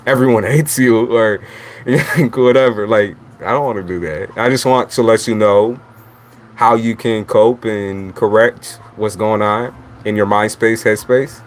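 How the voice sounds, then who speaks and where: A man with a fairly low voice talks in a loose, rambling monologue as a tarot reader. He is blunt and profane, with frequent laughs between his thoughts. A faint hiss of noise sits under his voice. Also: steady tone, measured pace. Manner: blunt, chatty, swears freely, laughs often. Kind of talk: casual livestream monologue.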